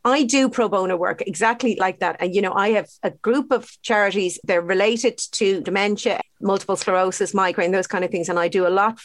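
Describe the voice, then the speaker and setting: A middle-aged woman hosting a podcast, talking in a warm, enthusiastic and talkative way. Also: medium pitch, brisk, few pauses. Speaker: podcast host. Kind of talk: casual chat.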